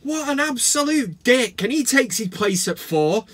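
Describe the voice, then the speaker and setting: A man's voice: extremely high pitch, big pitch swings, a little slow, dry recording. A man hosting a football fan video, ranting and mocking players and pundits. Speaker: football vlogger.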